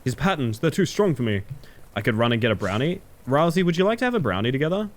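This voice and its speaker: A man streaming a game live, chatting with his viewers, excitable, swearing and yelping at every surprise. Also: mid-range voice, fast. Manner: chats with viewers.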